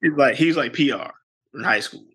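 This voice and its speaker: A man co-hosting a podcast, telling a story in a casual, animated way and jumping into high voices whenever he quotes people. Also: moderate pace, breathy edge. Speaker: podcast co-host.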